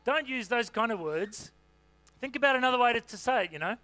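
A man's voice: very high-pitched, expressive, a little fast, bright, forceful tone, no echo. A man preaching a sermon in a conversational, humorous way, with asides and fillers. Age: adult parent.

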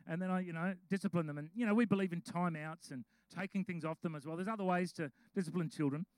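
A man, a pastor preaching a sermon, mixing slow scripture reading with chatty storytelling. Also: high-pitched, darkish tone, no room sound, poor audio. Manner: reads scripture slowly.

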